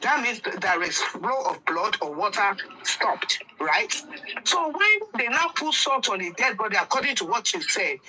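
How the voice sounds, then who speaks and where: A woman with a Nigerian accent, a panelist in a heated debate, questioning insistently and with deliberate emphasis. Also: mid-range voice, sing-song, bright, forceful tone, slightly rough, poor audio.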